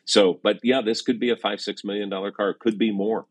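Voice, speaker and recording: A very deep-voiced middle-aged man talks about car prices in an easy, rambling way. He hedges with fillers and slips in dry teasing. The sound is dry, with no room in it. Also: steady tone, brisk, dry recording. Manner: chatty, hesitant with fillers, wry teasing. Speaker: classic car valuation expert, co-host. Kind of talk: casual conversational chat.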